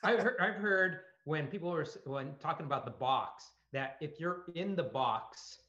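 A bright, forward-sounding man hosts a casual conversation in a reflective way. His voice echoes around the room. The sound is dull and lo-fi. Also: fairly high pitch, lively intonation, normal speed. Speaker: podcast host. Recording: roomy, lo-fi sound.

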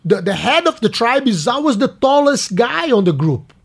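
Lively Brazilian-born man telling stories. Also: very high-pitched, creaky, husky. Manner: halting, repeats words, lively storyteller. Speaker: guest. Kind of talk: casual chat, storytelling.

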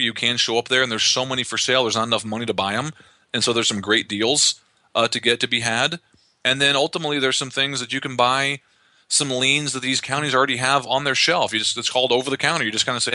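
Male real estate investor guest, quick, sharp-toned, rambling explainer. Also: medium pitch, no room sound. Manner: fast, animated explainer with frequent restarts. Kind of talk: conversational podcast interview.

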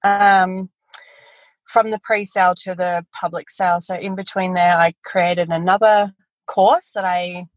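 A woman, a guest telling her business story in a casual interview, animated and quick to laugh. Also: fairly low pitch, no echo, rough recording. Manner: animated storytelling, quotes family in voices, laughs often. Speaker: guest, photography educator.

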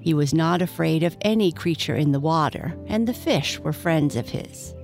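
A woman reading a bedtime story aloud, gentle and measured. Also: deep voice, creaky, faint music behind.

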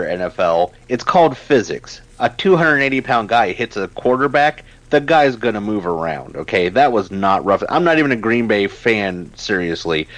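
A man co-hosting a podcast, talking casually and ranting with emphatic, animated energy. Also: lowish voice, no room sound, low-quality recording. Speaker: podcast co-host.

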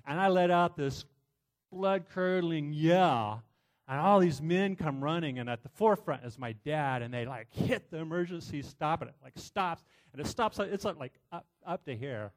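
A middle-aged man preaching, telling a personal story in an animated way with many restarts. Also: fairly high pitch, normal speed. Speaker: pastor.

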